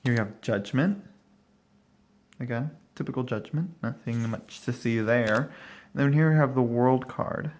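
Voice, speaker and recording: A man's voice: medium pitch, unhurried, darkish tone, a little hiss or hum. A man casually walking through a tarot deck at home, rambling and thinking aloud with many fillers and short laughs. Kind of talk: casual walkthrough talk. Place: at home, dog barking nearby.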